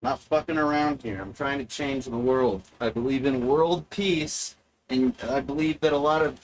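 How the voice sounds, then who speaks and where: Slow, sardonic man lecturing the viewer. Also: fairly high pitch, a bit bright, a little hiss or hum, rough recording. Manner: sardonic, deliberate, halting with frequent pauses; mock-lecturing, talks straight to the viewer. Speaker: video essayist. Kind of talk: provocative monologue lecture.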